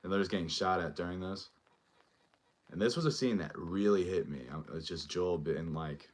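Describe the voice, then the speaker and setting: A man's voice: deep voice, moderate pace. A male show host giving a casual, rambling recap and review of a TV episode, full of fillers as he retells scenes.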